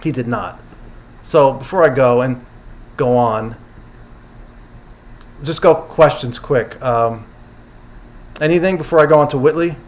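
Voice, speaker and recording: Speaking a little slowly and pausing often, a medium-pitched man hosts a casual livestream about a conference he attended. He chats with his audience, takes their questions, roughly paraphrases the speakers, and often catches and corrects himself.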